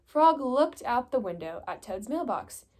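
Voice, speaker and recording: A young woman reading a children's picture book aloud, telling the story in a steady, gentle way. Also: fairly high pitch, measured pace. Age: young adult. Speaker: reader.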